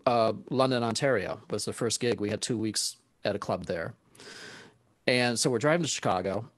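A man's voice: mid-range voice, no room sound. A man, a guest saxophonist, telling stories casually and animatedly, laughing often and acting out what people said. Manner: animated, laughs often, acts out quoted speech. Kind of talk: casual storytelling.

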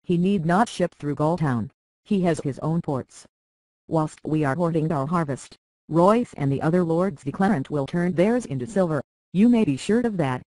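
A blustering, booming lord, as an audiobook reader puts him on, impatient and quick to complain. It sounds dry and close, with a middle pitch. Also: no room sound, natural voice. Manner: complaining, forceful.

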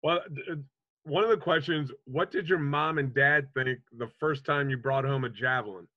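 A man's voice: medium pitch, moderate pace, no echo, dull audio. A man hosting a podcast, chatting casually and asking his guest questions with an easy laugh. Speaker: podcast host. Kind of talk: casual interview chat.

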